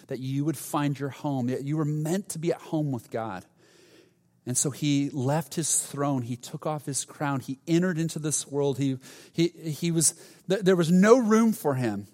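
A man preaching a sermon as a pastor, earnest, often restarting his phrases and dropping softly in volume. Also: fairly high pitch. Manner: earnest, with frequent restarts and soft drops in volume. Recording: reverberant hall.

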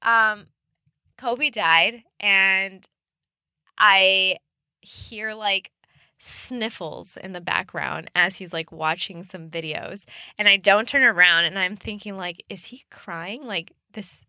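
Bright-voiced woman telling a story on a podcast. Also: medium pitch, slow pace, clean tone, dry recording, clean studio sound. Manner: animated storyteller, laughs often. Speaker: podcast co-host. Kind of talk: casual chat.

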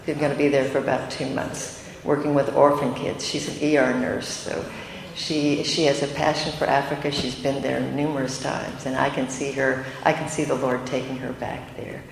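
Older lady sharing her testimony, earnest, kinda emotional, low voice, roomy echo. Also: little pitch movement, normal speed, creaky. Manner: earnest and emotional, with self-deprecating asides. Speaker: speaker giving a testimony. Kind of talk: testimony talk to a women's gathering. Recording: echoey hall with faint room noise.

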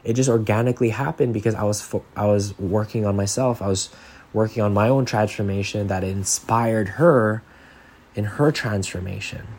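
Male podcast host, lowish husky voice, earnest and rambling, casual monologue. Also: normal speed, darkish tone. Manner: earnest, rambling with frequent "like" and restarts.

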